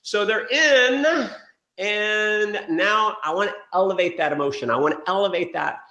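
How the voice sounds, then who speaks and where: A man giving an energetic sales training talk, telling stories and acting out quotes. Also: high-pitched, a little slow, roomy sound. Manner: energetic storytelling with acted quotes. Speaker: motivational speaker.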